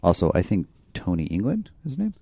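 Very deep, gravelly man cracking dry jokes. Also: wildly swooping pitch, fairly quick, mellow, no room sound. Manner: dry, wisecracking interjections. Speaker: podcast co-host. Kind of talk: casual banter.

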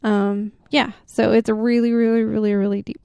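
A woman's voice: on the high side, little pitch movement, normal speed, creaky, warm tone, smooth, no room sound, studio quality. A woman co-hosting a casual podcast, telling a story with lots of fillers and easy laughs. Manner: chatty storyteller, many fillers, laughs easily. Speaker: podcast co-host. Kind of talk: casual chat.

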